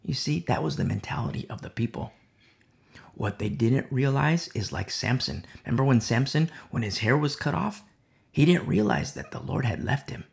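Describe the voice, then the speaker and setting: A man delivering a Bible study sermon whose pitch rises and falls in an animated way. He repeats phrases for emphasis and keeps asking the listeners rhetorical questions. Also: moderate pace, gravelly. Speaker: preacher.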